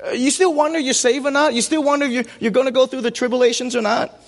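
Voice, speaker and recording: A man voicing a teasing angel who questions a frightened prophet in high, rising tones during a sermon. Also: steady tone, quick pace. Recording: long reverb of a large hall.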